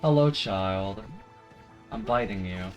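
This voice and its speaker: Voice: low voice, expressive, slow, soft background music, low-quality recording. A streamer giving playful, jokey commentary while playing a video game. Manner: playful, jokey asides and silly voices. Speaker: let's play streamer. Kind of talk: casual gameplay commentary.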